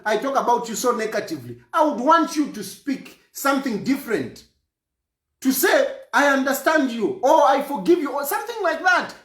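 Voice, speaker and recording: A man from Zambia speaks out in an emphatic political statement, hammering points home by repeating them. His pitch rises and falls in a lively way as he talks. The sound carries the echo of a roomy space. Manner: emphatic, repeats phrases for force.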